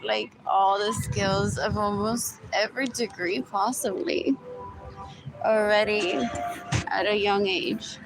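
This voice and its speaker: Over loud street traffic, a woman with a slightly high voice rambles on in a live-stream monologue, laughing between phrases and circling back to the same points. The recording is rough.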